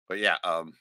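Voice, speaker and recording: A man's voice: deep voice, bright, forceful tone, dry recording. A middle-aged man from Alaska telling a rambling, profane story in casual talk, laughing often and tagging lines with "right?". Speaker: vlogger.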